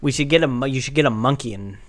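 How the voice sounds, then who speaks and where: A man's voice: medium pitch, fast. A man who is a comedian, a guest on a podcast, chatting in a hesitant, self-deprecating way with dry jokes. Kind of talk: casual chat.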